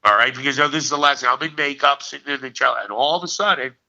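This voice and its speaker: A man in his sixties, an actor guest, telling stories as an animated raconteur who punches his lines with "okay.". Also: mid-range voice, racing. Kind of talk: storytelling in a casual interview. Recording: dull lo-fi recording.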